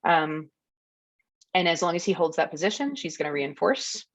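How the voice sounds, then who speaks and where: A woman's voice: fairly low pitch, expressive, normal speed, dry recording, highs cut off. A woman dog trainer giving a workshop, explaining video clips in a friendly, casual way. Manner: friendly, explanatory, narrates clips with ums and laughs. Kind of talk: educational webinar talk over video clips.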